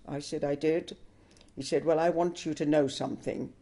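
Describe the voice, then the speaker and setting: An older woman telling a personal story in an interview, unhurried and chuckling as she recalls events. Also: low voice, steady tone, mellow.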